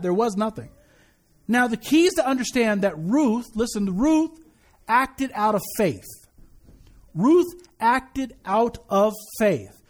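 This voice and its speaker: A male pastor preaching a sermon in a casual, conversational way, with joking asides and frequent restarts. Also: high-pitched.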